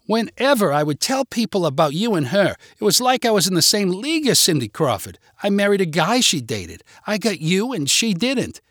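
A man voicing a loud, pushy, jealous middle-aged wife who talks insistently and indignantly. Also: high voice, very animated, normal speed, hardly any pauses, dry recording, studio quality, voice pushed up, full character voice.

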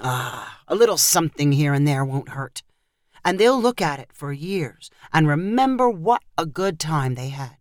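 Casting: woman playing a laid-back old grandpa, calm and gently persuasive, dry close sound. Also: low-pitched, moderate pace, no echo, pitched below the performer's own voice. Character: easygoing generous grandfather, chuckling.

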